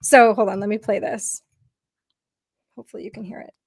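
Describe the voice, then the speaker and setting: A woman's voice: mid-range voice, fairly even intonation, brisk, creaky, breathy edge. A woman podcast co-host telling stories in casual conversation, with many fillers and restarts.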